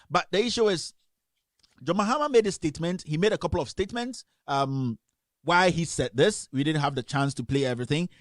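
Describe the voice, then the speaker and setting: A man's voice: a little high, no echo, studio quality. A man hosting a radio editorial, talking emphatically and repeating rhetorical questions. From Ghana. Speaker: radio host.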